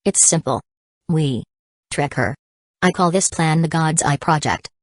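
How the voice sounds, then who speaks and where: Lady reading a cocky scheming guy who runs the whole operation, low voice. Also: expressive, a little slow, no echo. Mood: confident. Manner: confident and dismissive. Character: confident, scheming young man foundation leader.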